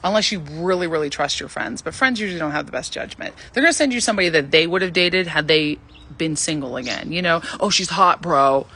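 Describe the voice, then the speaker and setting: A woman in her thirties talks casually on a livestream, giving dating advice. Her voice sits a little low but has a bright, forceful edge. She is animated and chatty, and she acts out the voices she quotes. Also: fast talker, slight background noise. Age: 30s.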